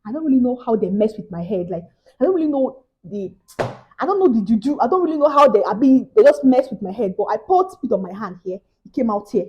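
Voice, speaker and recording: A young woman with a Nigerian English accent tells a story to her viewers in a casual vlog, swinging between loud exclamations and hushed asides. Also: a little high, animated, quick pace, muffled recording. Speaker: vlogger.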